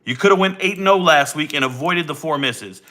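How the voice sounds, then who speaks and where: Brash, joking male streamer; bright, slightly high voice on a desk mic. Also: brisk. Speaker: sports betting streamer. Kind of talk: casual livestream chat.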